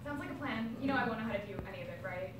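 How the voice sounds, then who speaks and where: A woman's voice: fairly high pitch, lively intonation, very fast, lightly acted. A woman playing playful teenage girl students who banter with each other. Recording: distant echoey noisy room.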